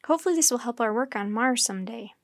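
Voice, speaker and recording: A woman's voice: on the high side, animated, no room sound, clean studio sound. A woman voicing an earnest adult woman scientist introducing herself in a storybook reading. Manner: measured, formal self-introduction.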